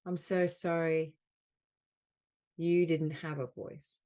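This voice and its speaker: A woman leading a guided healing session as a soul mentor on a group call. She speaks in slow, soothing, repeated phrases. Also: low voice, flat delivery, dark tone. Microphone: video call.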